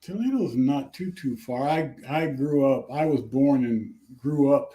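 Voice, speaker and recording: An older man co-hosting a live stream, telling stories in a relaxed way with a dry sense of humor. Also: mid-range voice, measured pace. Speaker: co-host on a travel vlog. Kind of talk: casual live-stream chat.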